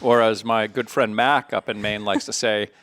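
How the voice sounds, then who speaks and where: A man's voice: lowish voice, steady tone, normal speed, fairly bright tone, a little hiss or hum. A man co-hosting a casual podcast, tossing in joking asides. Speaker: podcast co-host. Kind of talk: casual chat.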